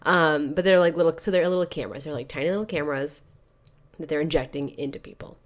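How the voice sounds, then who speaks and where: A podcast co-host with a low-pitched voice talks fast as she casually retells a novel's plot. It's chatty book-club talk, sprinkled with "like" and "you know."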